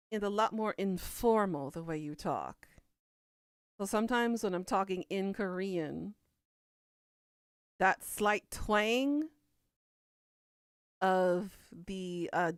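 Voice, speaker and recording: A woman's voice: medium pitch, smooth, no echo, studio quality. A woman from Kentucky with a Southern US accent, chatting casually as a podcast host and answering viewer comments in a rambling way. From Kentucky, USA. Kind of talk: casual chat.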